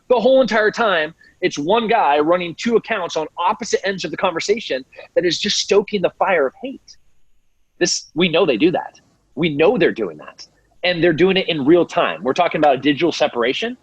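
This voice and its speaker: A middle-aged American man talks with fire and mimics other voices to mock them. His voice is husky and sits a little high. The sound is dry and slightly muffled. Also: brisk, no room sound. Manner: animated, acts out quoted voices mockingly. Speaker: podcast guest. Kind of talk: impassioned interview talk.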